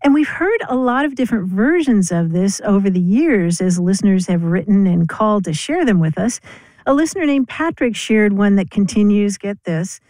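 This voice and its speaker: A woman's voice: mid-range voice, expressive, normal speed, darkish tone, no room sound. Older woman co-host with a playful, chatty delivery, close dry studio mic. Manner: playful, explains word origins with easy laughter. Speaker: radio show co-host. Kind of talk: casual radio chat about language. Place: radio studio. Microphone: studio microphone.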